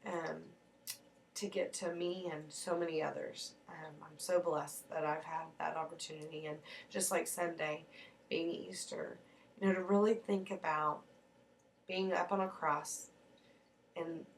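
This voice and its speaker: A woman's voice: deep voice, little pitch movement, unhurried, vocal fry, far from the mic, a little hiss or hum, rough recording. A woman in her thirties sharing heartfelt faith reflections in a personal vlog, rambling earnestly with restarts.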